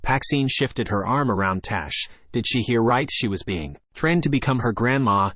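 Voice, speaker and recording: A man reading a story aloud as an audiobook narrator, in an even, unhurried way. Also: mid-range voice, no room sound.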